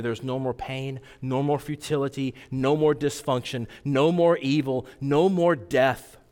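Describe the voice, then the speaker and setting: Animated male preacher in a reverberant hall. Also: mid-range voice. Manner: animated, swinging from loud emphatic peaks to quiet intense asides. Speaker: pastor. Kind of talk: sermon.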